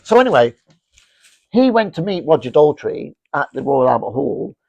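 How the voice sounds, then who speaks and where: A middle-aged man, a fashion brand founder, telling rambling, animated anecdotes with lots of restarts in a casual interview. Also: on the high side, normal speed, gravelly, no echo, highs cut off.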